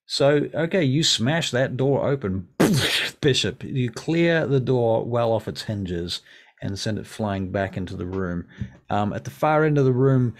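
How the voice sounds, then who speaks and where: A man narrating as game master of a tabletop game, casual and halting, with frequent ums and restarts. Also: mid-range voice, lively intonation.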